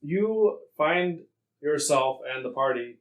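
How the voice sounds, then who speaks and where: A man's voice: on the high side, lively intonation, takes it slowly, roomy sound, low-quality recording. A man running a tabletop game as game master, laughing often and joking with his players.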